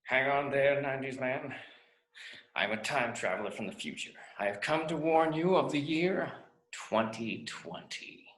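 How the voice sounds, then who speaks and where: A man's voice: medium pitch, unhurried, fairly bright tone, close to an everyday voice. A man playing a weary time traveler from the future in a comedy sketch, fumbling and exasperated as he explains. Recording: roomy echo.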